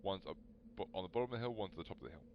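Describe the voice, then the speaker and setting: Brief: a young, very low-voiced streamer, chatty and animated, faint hiss behind. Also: male voice, racing, vocal fry, highs cut off. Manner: rambling, animated, talks to chat. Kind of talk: casual storytelling on a live stream.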